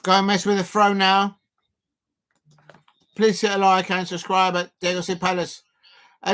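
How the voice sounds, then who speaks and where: A man streaming a live football watch-along, chatting loosely with lots of fillers and sudden bursts of excitement. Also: sits high, moderate pace. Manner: rambling, filler-heavy, bursts of excitement at chances.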